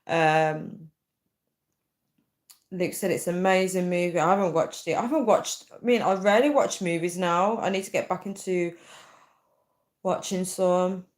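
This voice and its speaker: Young woman, live stream host, chatty, rambling, fillers, lowish voice. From United Kingdom. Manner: chatty, thinks aloud with many fillers. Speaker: livestream host. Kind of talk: casual livestream chat reading comments.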